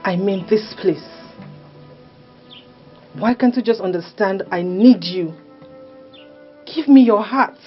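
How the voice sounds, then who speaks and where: A woman's voice: mid-range voice, slow pace, long pauses, lightly acted. A woman playing a seductive spirit princess. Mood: coaxing. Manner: coaxing, then commanding. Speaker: actress in a drama series. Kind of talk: dramatic film acting. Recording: dull sound with faint music.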